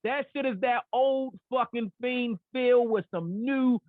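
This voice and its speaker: Hyped, foul-mouthed podcast host, high voice. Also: male voice, unhurried, no echo. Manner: hyped, heavy cursing. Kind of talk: casual podcast outro. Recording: tinny phone-like dry audio.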